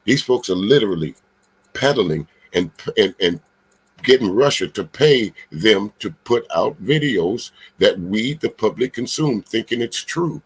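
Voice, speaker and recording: A man hosting casual commentary, rambling and searching for words in a husky voice. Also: lowish voice, animated, measured pace. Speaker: host.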